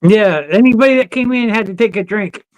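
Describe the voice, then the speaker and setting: Fairly quick and sitting high, this man's voice is recorded with no echo. Guesting on a podcast, he tells animated, casual anecdotes, swearing freely and laughing throughout.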